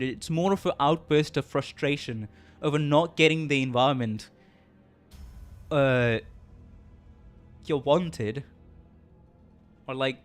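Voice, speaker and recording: A male streamer talking casually and reflectively, halting often and swearing, with emotion creeping into his voice. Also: on the high side, fairly bright tone, soft background music.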